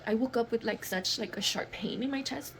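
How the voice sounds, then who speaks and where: Fast-talking woman telling a story. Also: on the high side, a bit bright, a little hiss or hum. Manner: fast, emotional, profane retelling with acted quotes. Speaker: storyteller in a played clip. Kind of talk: storytime video.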